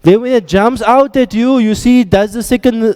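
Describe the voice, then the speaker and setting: A man teaching an Arabic grammar class, quizzing his students with quick drills and joking asides. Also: very high voice, steady tone, darkish tone, clear, resonant tone, big-room sound.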